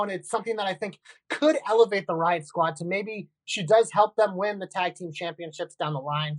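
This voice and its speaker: A woman co-hosting a casual wrestling podcast, animated and blunt, with quick asides and casual swearing. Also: medium pitch, no echo, poor audio. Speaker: podcast co-host.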